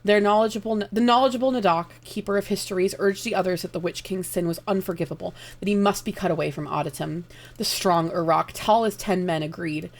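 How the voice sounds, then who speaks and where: A woman streamer reading a dark fantasy story aloud live, narrating in an expressive, dramatic way. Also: on the low side, fairly quick.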